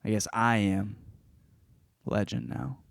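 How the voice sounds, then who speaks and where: A man's voice: on the low side, slow pace, vocal fry, dry recording, clean studio sound, voice pushed down. A man voicing a lonely, profane last man alive, crude and blurting. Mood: resigned.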